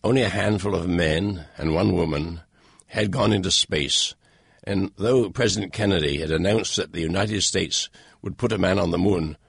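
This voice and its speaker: An older man reading his own foreword to an audiobook in a dry, wry, unhurried manner. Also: low voice, vocal fry, slightly rough, no room sound. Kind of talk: read-aloud personal foreword.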